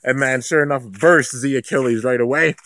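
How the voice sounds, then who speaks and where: Male anime reviewer, casual and rambling, excited recap, mid-pitched, filler-heavy. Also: brisk. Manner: excited, rambling, heavy use of "like" and "you know".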